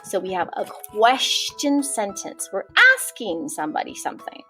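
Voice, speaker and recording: A woman teaching a kindergarten writing lesson, encouraging and spelling words out slowly for young children. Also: mid-range voice, lively intonation, soft background music. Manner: warm, encouraging, slow-spelling teacher talk. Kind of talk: early-years writing lesson.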